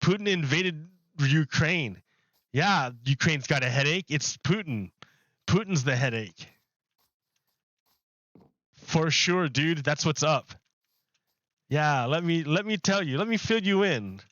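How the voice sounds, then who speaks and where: A man's voice: a little high, animated, slow, long pauses, fairly bright tone, no room sound, highs cut off. A man chatting casually while livestreaming a game from his apartment, rambling and loose with his words. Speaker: game streamer. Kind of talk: casual live-stream chat. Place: home apartment.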